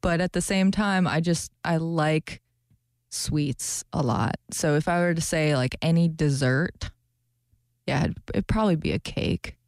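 A woman's voice: sits low, a little slow, dry recording. Bubbly young woman, dry studio sound. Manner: bubbly, animated, laughs often. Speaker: radio co-host. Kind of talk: casual chat.

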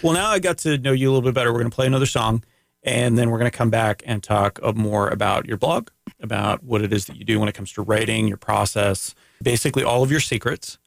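A man with a gravelly, fry-edged voice at a middle pitch hosts a laid-back radio chat. He teases his guest with easy humor, close to a studio mic with a dry, dead sound. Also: fast talker, dry recording. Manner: easygoing, teasing, chatty. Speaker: radio show host. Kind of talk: casual radio interview chat. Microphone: studio microphone.

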